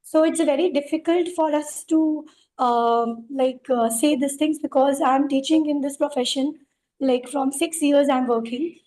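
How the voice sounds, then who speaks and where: Woman teacher, high soft voice, hesitant questioner on a video call. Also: fairly even intonation, measured pace, low-quality recording. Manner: hesitant, many fillers, polite "ma'am". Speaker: teacher asking a question in a training webinar. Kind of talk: question in an online teacher training.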